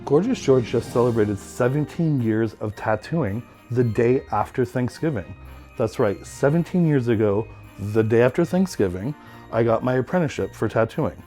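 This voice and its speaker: A man's voice: mid-range voice, animated, moderate pace, mellow, soft background music. Campy tattoo artist man showing off. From California. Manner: refers to himself in third person, campy and theatrical. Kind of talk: playful self-promoting home tour.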